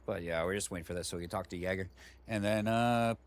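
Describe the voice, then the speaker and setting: A man's voice: low-pitched, fast, slight background noise. A man streaming a video game, chatting casually in a rambling way with plenty of fillers and asides, at home on a desk mic. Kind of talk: casual let's-play commentary.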